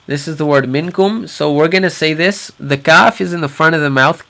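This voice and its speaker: A man teaching Quran recitation rules, explaining patiently and repeating each example word slowly so learners can hear it. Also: on the high side, a bit bright. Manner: patient, repeats Arabic words slowly for practice. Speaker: tajweed teacher.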